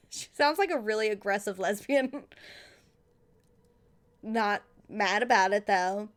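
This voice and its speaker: A young woman giving casual, giggly gaming commentary. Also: mid-range voice. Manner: giggly, quick asides. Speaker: streamer.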